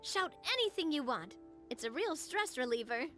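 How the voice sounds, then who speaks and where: This is game dialogue voice acting: a woman plays a cheerful, outgoing young woman who speaks in a breezy, encouraging way. Her voice sits high with big pitch swings at a normal speed, in a game cutscene with faint music.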